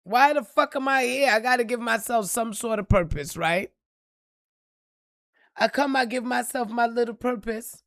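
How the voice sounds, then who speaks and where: A woman giving an impassioned, profane motivational talk on a live stream, repeating lines and building to shouts. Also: a little high, normal speed, no echo, clean studio sound. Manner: preachy, profane, rising to shouts.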